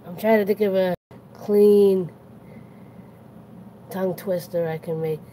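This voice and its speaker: A woman's voice: mid-range voice, fairly even intonation, slow, dark tone, slight background noise, poor audio. A woman with a Boston accent hosting a casual late-night chat, rambling and correcting herself as she goes. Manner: rambling, self-correcting, chatty. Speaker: host.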